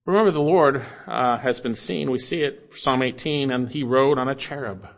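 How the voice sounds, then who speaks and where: A man preaching an expository sermon, reading scripture aloud and urging listeners earnestly, rising loud then dropping low. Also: normal speed, gravelly. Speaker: pastor.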